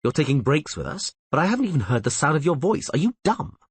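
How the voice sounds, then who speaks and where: A man's voice: fairly high pitch, very animated, fast talker, slightly rough, dry recording, voice pushed up, exaggerated voice. A man voicing a blunt male gang leader who fires off curt questions.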